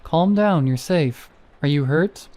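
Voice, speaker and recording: A calm park ranger with a noticeably higher, reassuring voice, as a male narrator puts him on. He speaks steadily and kindly, with a mellow rather than sharp tone. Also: slow.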